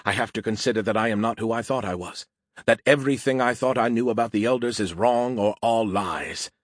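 Man doing a formal lecturing male AI in a can, moody, low, husky, audiobook. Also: a little fast, no echo, clean studio sound, close to an everyday voice. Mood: troubled. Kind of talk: audiobook character reading.

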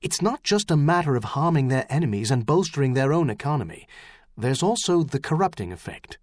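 A man's voice: mid-range voice, sing-song, brisk, no room sound, clean studio sound, close to an everyday voice. A man reading an audiobook, voicing an anxious, angry official who insists on a worry. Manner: worried, insistent. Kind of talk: audiobook character voice.

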